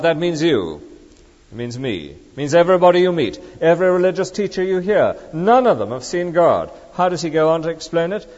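A man's voice: fairly high pitch, sing-song, a little fast, a little mellow. A man preaching a sermon with emphatic, rhetorical questions to the congregation. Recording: dull lo-fi recording with long reverb.

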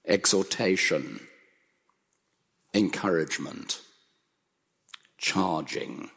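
A man preaches an earnest sermon with a gravelly, slightly husky voice that swings widely in pitch. He presses his points by repeating them. A long hall reverb trails his words. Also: lively intonation, drawn-out words, a bit bright. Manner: earnest, emphatic, building repetition.

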